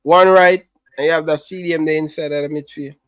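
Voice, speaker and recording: A man's voice: fairly high pitch, fairly even intonation, a little fast, a bit bright, dry recording. A man with a Jamaican accent talking football as a guest, using patois grammar and hesitating often. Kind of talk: casual chat.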